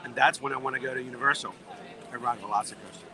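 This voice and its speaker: A man's voice: medium pitch, steady tone, racing, pushed and bright. A man hosting a casual livestream outdoors at a theme park, chatting with viewers while losing his voice. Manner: chatty, thanks viewers for tips. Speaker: livestream host. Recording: noisy outdoor park ambience.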